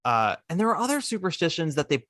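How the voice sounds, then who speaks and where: A man hosting a podcast, casually recounting a musical's plot with lively asides. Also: fairly high pitch, fast talker, no room sound, clean studio sound. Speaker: podcast host. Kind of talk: casual chat.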